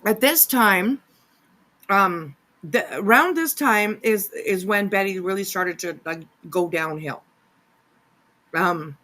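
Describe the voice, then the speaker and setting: Woman, commentary host, casual reaction chat, sarcastic, chatty, fillers, mid pitch. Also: fairly bright tone.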